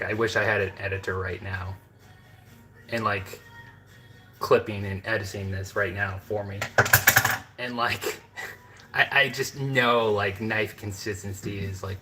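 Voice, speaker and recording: A man's voice: fairly low pitch, sharp tone, low-quality recording. A man from the American Midwest, chatting casually to his viewers from his home kitchen, rambling with lots of fillers and asides. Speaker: home cooking vlogger.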